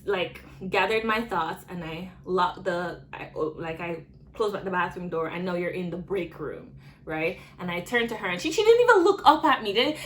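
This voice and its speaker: A woman's voice: medium pitch, slight background noise, poor audio. A young adult woman retelling a work story in a loose vlog, with many fillers and restarts. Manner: rambling, filler-heavy retelling. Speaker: vlogger.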